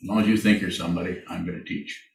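A man leading a meditation Q&A, speaking slowly and haltingly, often repeating his phrases. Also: sits low, steady tone, creaky, a little hiss or hum. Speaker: meditation teacher. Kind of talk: Q&A in a dharma talk. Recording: echoey room from far off.

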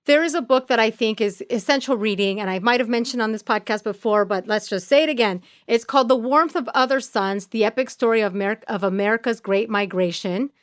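A woman with a Spanish accent co-hosting a podcast, talking in a lively, casual way and laughing often as she speaks. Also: on the high side, fairly quick, hardly any pauses, clean tone, no echo, studio quality. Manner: animated, laughs often, restarts words. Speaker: podcast co-host. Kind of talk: casual chat.

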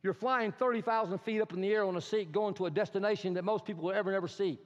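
A man preaching a sermon as pastor. He is animated and humorous, and he mimics people's complaints. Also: high-pitched, fast talker. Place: church hall. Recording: reverberant hall, dull sound.

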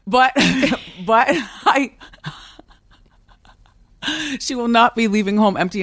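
A woman's voice: mid-range voice, fairly bright tone, no echo. A middle-aged woman talking as a guest in a podcast interview, with a strong, confident voice and frequent laughter. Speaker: talk show host as guest. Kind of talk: casual interview chat. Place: podcast studio.

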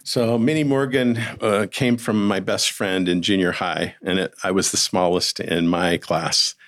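A middle-aged man, a podcast guest, talking in a slow, relaxed, self-deprecating way. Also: low-pitched.

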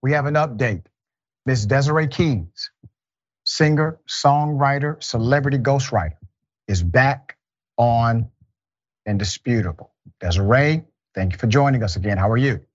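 Husky-voiced male interview host. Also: mid-range voice, measured pace, pauses often, no room sound, muffled recording. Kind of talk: interview show hosting.

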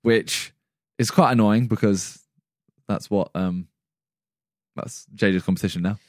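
A man co-hosting a podcast in casual chat, relaxed and laughing easily. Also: fairly low pitch, unhurried, dry recording, clean studio sound. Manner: relaxed, laughs often, hedging opinions. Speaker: podcast co-host.

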